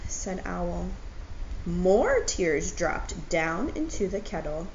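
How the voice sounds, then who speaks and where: A woman's voice: lowish voice, lively intonation, slow pace. Teacher lady doing story time for kids, friendly, faint hiss in the background. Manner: friendly, explains words to kids. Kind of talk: reading a picture book aloud to children. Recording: dull lo-fi audio with faint noise.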